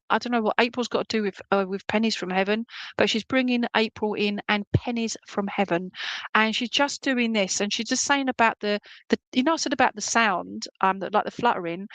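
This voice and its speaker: A woman gives a mediumship reading at a church service, chatty and emotional, often checking in with "okay?". Her voice sits at an ordinary middle pitch for a woman. The sound is dry, with little room around it. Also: fairly bright tone, dry recording, poor audio. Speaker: spiritualist medium. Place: church service, streamed online.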